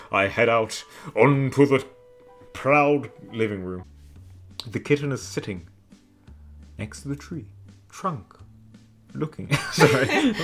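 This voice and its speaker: A young man streaming a story game, reading the narration aloud with playful drama and laughing at his own slips. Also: mid-range voice. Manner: animated, laughs through slips.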